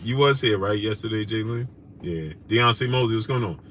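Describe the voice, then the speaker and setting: A man from New with a bright, forceful voice hosts a loose live stream, greeting viewers by name in casual slang. A faint hum of noise sits behind him. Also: on the low side, a little fast. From New York. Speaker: host. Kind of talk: casual live-stream chat, reading super chats.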